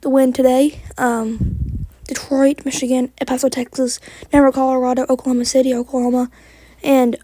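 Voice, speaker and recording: A woman's voice: high-pitched, little pitch movement, normal speed, warm tone, dry recording. A woman reading a weather outlook in a rush, stumbling over place names and correcting herself, sounding frustrated. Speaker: amateur weather outlook presenter. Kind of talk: rushed weather forecast reading.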